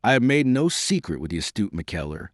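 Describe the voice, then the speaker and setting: A man voicing a suave, mocking gentleman with a cool, cutting, unhurried manner. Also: fairly low pitch, very animated, no echo, clean studio sound.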